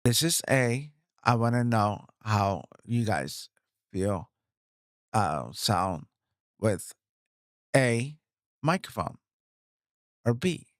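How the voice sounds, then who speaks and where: A man chatting in a casual vlog about his new microphone setup, excited, repeating himself and talking straight to viewers on a studio mic. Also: on the low side, very slow, long pauses, no echo. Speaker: streamer reviewing his gear. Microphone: studio microphone, swapped between two.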